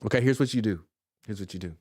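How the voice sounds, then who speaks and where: A man's voice: on the low side, fast talker, dry recording, clean studio sound. A man in his thirties hosting a casual sports talk show, joking and acting out what others say. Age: 30s. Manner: animated, jokey, acts out quotes. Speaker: podcast host.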